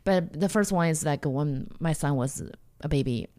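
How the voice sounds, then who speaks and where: A woman from China whose first language is Mandarin, telling her own story bluntly as a guest, with halting restarts and acted-out quotes. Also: low-pitched, mellow, dry recording. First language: Mandarin Chinese. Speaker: guest comedian. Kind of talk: candid personal storytelling.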